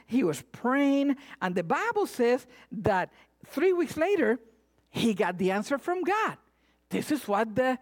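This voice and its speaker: Animated woman preaching a sermon. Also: on the high side. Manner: animated, acts out voices and cries.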